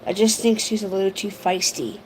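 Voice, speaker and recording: A woman's voice: medium pitch, flat delivery, fairly quick, a little mellow, a little hiss or hum. A woman hosting a reaction livestream, exclaiming in shock and chatting with her viewers. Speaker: host.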